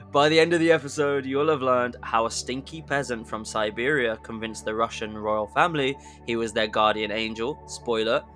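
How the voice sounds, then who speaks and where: A man's voice: mid-range voice, fairly bright tone. A man hosting a comedic history podcast, chatty and jokey, with sudden emphatic bursts and asides. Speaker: podcast host.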